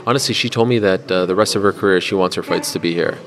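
A man's voice: deep voice, fast talker. A man, a sports journalist, chatting as a podcast guest, enthusiastic and joking, with some swearing. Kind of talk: casual interview chat. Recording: crowd chatter behind.

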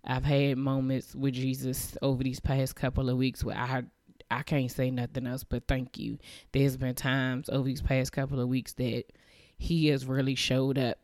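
A woman's voice: rumbling low, a little mellow, no room sound. Earnest woman podcaster, dry close sound. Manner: earnest, emotional, repeats phrases, halting restarts. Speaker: podcast host. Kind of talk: heartfelt faith-based podcast monologue.

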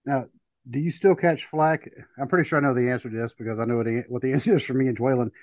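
A man co-hosting a podcast, asking questions in a relaxed, self-deprecating way. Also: medium pitch, fast talker, no echo. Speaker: podcast co-host. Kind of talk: casual interview questions. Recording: dull, dry podcast audio.

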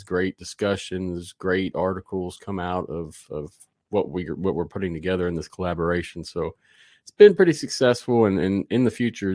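Male podcast host, low voice, loose rambling delivery, dry mic. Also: no room sound. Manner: rambling, loose, with fillers and restarts. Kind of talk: casual live podcast chat.

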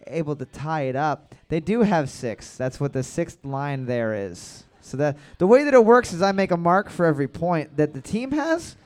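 Man, trivia host, high lively voice, joking, playful. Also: moderate pace, hardly any pauses. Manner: joking, playful, reads questions aloud with bits. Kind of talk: casual comedic trivia hosting.

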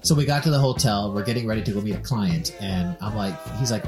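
A man from Minnesota co-hosting a podcast, telling a story in a casual, animated way and acting out the quoted voices. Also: on the low side, fast, hardly any pauses, over music. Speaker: podcast co-host.

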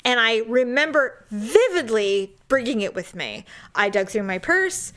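A woman hosts a podcast with a lively, bouncing voice that sits a little high. She tells her stories with energy and acts out the other people in them. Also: unhurried. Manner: animated storyteller acting out quotes. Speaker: podcast host. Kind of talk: casual podcast chat.

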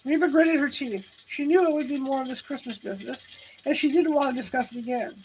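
A woman reading a novel aloud in a high, light voice, stopping to fix her own slips as she goes. Faint background noise runs underneath. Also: fast talker, a little mellow, low-quality recording. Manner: self-correcting as she reads. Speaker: audiobook narrator.

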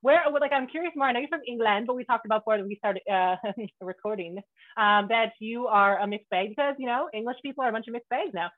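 A woman with a Scottish accent hosting a casual interview, loud and brash, laughing and swearing freely. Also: fairly high pitch, fast. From Scotland. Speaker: podcast host. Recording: tinny phone-like line.

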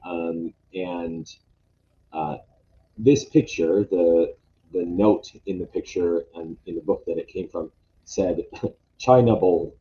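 A man's voice: low voice, steady tone, slow pace, pauses often, dark tone. A man presenting lodge history in a casual talk, hesitant and full of fillers and restarts. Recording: dull lo-fi sound, faint noise.

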